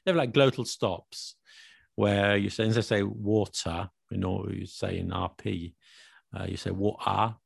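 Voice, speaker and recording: A low-pitched man, talking in a relaxed, explanatory way. His voice has a gravelly edge. The recording is dry and close. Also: normal speed, dry recording. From England, north London area. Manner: explanatory, chatty, laughs often. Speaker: language video maker discussing accents. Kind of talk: casual conversational chat.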